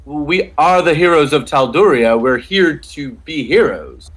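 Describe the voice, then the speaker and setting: A man's voice: fairly high pitch, lively intonation, a little slow, slightly rough. A man playing a character in a tabletop game, speaking in a cocky, matter-of-fact way. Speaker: player. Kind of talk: in-character tabletop role-play.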